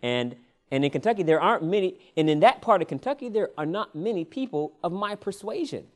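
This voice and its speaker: A male preacher telling a personal story in a sermon, animated and often laughing, drawing "Amen" responses. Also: high voice, brisk.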